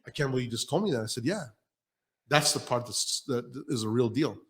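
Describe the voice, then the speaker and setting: A man's voice: mid-range voice, animated, fairly quick. Podcast host, male, blunt and foul-mouthed, acts out quotes in his stories. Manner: blunt storyteller who acts out quoted people. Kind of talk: casual profane podcast talk.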